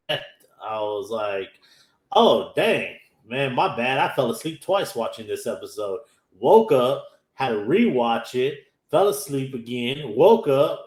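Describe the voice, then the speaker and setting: A man, casually recapping an anime episode in a rambling way and acting out the characters' lines. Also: medium pitch. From Texas, USA. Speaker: anime podcast host. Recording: echoey room.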